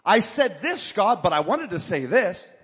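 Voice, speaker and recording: A man voicing a whining believer who pleads with God in a high, loud, complaining voice. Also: sing-song, measured pace, breathy edge, long reverb tail, exaggerated voice.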